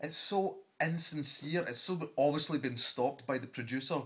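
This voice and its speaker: A man's voice: a little high, normal speed, hardly any pauses, pushed and bright. Exasperated man ranting. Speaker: vlogger. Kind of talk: comic rant.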